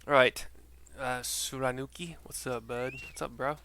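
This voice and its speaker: A man's voice: medium pitch, steady tone, unhurried, creaky, bright, forceful tone, a little hiss or hum. A man casually reading out and narrating a game story for blind viewers, rambling, swearing and laughing at himself. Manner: rambling, swears, self-deprecating. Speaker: gaming narrator.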